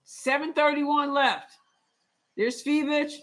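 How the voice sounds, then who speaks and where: This woman's voice sits high, with a steady tone and slow pace. She hosts a live watch party for a basketball game, reacting emotionally, exclaiming and getting indignant about calls as the action unfolds.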